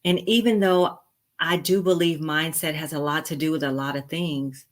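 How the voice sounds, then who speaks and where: A woman's voice: sits low, steady tone, moderate pace. A woman nurse practitioner hosting her channel, talking casually to camera in a rambling way with lots of fillers and restarts. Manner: laughs easily, playful asides to viewers.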